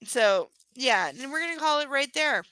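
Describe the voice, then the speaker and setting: A woman's voice: sits high, animated, moderate pace, pushed and bright, no room sound, poor audio. A young woman with a stuffy, nasal voice, hosting a live book-reading stream. She talks in a tired, rambling, affectionate and self-deprecating way. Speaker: livestream host reading a book aloud. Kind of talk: casual live-stream chat.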